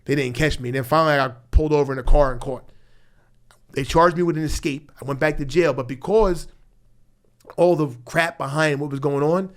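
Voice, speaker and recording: A man's voice: a little high, a little fast. A man in his fifties with a Philadelphia accent, telling his story as a podcast guest in blunt, profane street talk, acting out past conversations. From South Philadelphia. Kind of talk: storytelling interview. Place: podcast studio.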